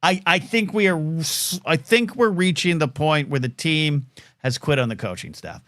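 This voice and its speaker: A man's voice: a little high, expressive, normal speed, fairly bright tone, dry recording. Male talk-show host, home mic, tired and scattered, dry close sound. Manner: distracted, self-deprecating, talking to his dog mid-show. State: low energy, tired. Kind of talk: live talk show rambling. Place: apartment at home. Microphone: desk microphone.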